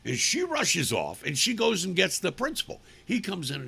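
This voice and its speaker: Indignant talk host with a raspy edge. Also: male voice, sits high, huge pitch swings, moderate pace, hardly any pauses, sharp tone. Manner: sarcastic, indignant, emphatic. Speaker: radio talk show host. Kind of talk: opinionated talk radio commentary.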